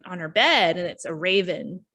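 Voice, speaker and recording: A young woman hosting a casual book-review podcast, animated and quick to act out characters' lines. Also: lowish voice. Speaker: podcast host reviewing books. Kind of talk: casual chat.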